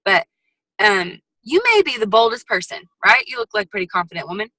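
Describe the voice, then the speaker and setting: Woman guest trainer, bright and forceful, sassy motivational delivery, dry video-call sound. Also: medium pitch, brisk, dry recording, poor audio. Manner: lively, sassy and chatty, with frequent asides. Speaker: guest speaker at a sales team training.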